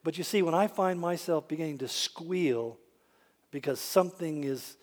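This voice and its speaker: Male pastor, high voice, animated sermon storyteller with dry wit. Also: moderate pace. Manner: animated storyteller who acts out quoted voices with dry humor.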